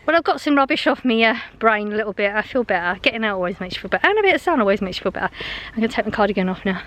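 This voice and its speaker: Out on a walk with her dogs, a woman vlogs in a rambling, chatty way, laughing often and sounding a little out of breath. Her mid-range voice is animated, racing and fairly bright, and the clip is filmed on a handheld phone.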